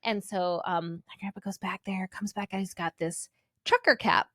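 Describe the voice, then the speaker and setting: A woman in her forties from Indiana, co-hosting a podcast and telling a family story in an animated way, laughing often. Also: mid-range voice, moderate pace, no room sound, clean studio sound. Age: 40s. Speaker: podcast co-host. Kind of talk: casual chat.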